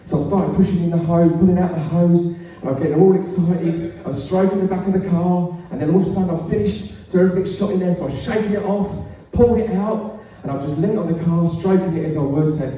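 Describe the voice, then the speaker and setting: A man's voice: fairly high pitch, a little fast, few pauses. Middle-aged man telling raunchy stand-up. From England. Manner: deadpan storytelling with raunchy punchlines. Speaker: stand-up comedian. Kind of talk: stand-up routine. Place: comedy club stage. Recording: echoey room, far from the mic.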